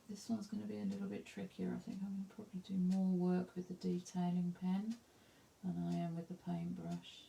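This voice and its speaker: Chatty Essex woman with a gravelly voice. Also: fairly low pitch, mellow, a little hiss or hum. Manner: chatty, self-deprecating, thinks aloud while working. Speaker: craft tutor. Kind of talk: live painting demonstration.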